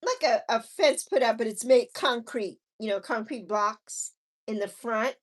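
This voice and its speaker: A woman's voice: a little high, measured pace. A woman in her forties hosting a casual livestream, chatting with viewers and telling family stories. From Virgin Islands. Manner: chatty, warm with viewers, drifting into personal stories. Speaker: livestream host. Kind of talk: casual livestream chat, reading viewer comments.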